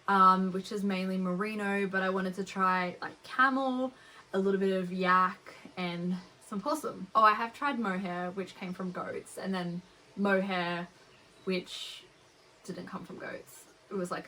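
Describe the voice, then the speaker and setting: A woman's voice: mid-range voice, bright, forceful tone, low-quality recording. A young woman with an Australian accent, hosting a knitting podcast in a rambling, chatty way. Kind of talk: casual chat.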